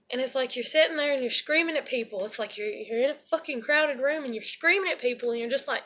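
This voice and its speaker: A woman's voice: sits high, quick pace, hardly any pauses, fairly bright tone. A young woman and single mother venting in a rambling, profane personal monologue.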